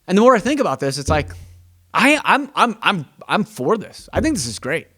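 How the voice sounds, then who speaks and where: Animated fast-talking male podcast host. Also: high voice, slightly rough. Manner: animated, emphatic, repeats words when thinking aloud; acts out quoted exchanges with clients. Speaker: real estate agent hosting a podcast. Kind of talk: casual monologue.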